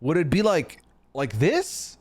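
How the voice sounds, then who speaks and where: A man's voice: fairly high pitch, huge pitch swings, slow, darkish tone. A young man from Canada, hosting a live stream in casual chat, answering his chat and teasing trolls with some swearing. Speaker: streamer host.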